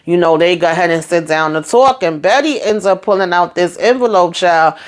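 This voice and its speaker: A woman chatting casually through a TV episode recap, retelling scenes in a lively, filler-filled way. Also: lowish voice, a little fast. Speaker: TV show recap vlogger.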